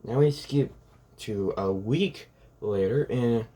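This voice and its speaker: A man's voice: medium pitch, takes it slowly, mellow. A man casually retelling a fan-made story in a rambling way, full of fillers. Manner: rambling, full of "like" and "pretty much".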